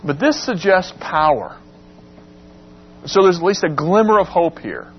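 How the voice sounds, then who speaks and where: A man's voice: very animated, a little slow. A man teaching a Bible class, asking the class questions and acting out the quoted lines in a dramatic voice. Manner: questions the class and acts out quotes with rising pitch. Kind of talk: interactive Bible class lecture. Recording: dull lo-fi recording with faint hum.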